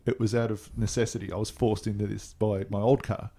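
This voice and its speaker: A man's voice: on the low side, level tone, fairly quick, mellow. An Australian man co-hosting a casual podcast from a lounge room, joking and laughing often. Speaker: podcast co-host. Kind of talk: casual chat.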